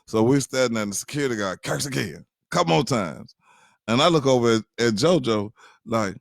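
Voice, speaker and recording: A man casually telling a funny personal story to his viewers, animated, addressing them directly and often checking that they follow. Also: mid-range voice, a little fast, creaky, no echo, studio quality. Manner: animated, addresses listeners directly, many fillers.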